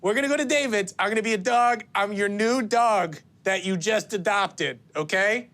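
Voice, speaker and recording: A man improvising in character at a tabletop game, excitable and swearing, laughing through his lines. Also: high-pitched, moderate pace.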